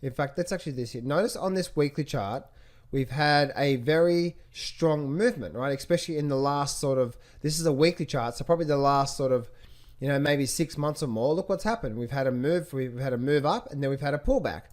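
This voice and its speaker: A man walks through stock charts in a screen-share lesson, and his voice sits a little high for a man. He keeps asking rhetorical questions and repeats his phrases as he talks. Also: fairly quick, a little mellow. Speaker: trading coach.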